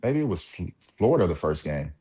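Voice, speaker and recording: A man from Mississippi, a former college point guard, recalling his playing days in a casual interview, relaxed and reflective with many fillers. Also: sits low, quick pace, husky.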